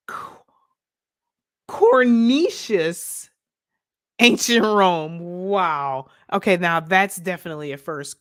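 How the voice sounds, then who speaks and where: A woman from Detroit hosting a casual livestream, reading viewer comments aloud in a playful, animated way and laughing often. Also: on the low side, dry recording, studio quality. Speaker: livestream host.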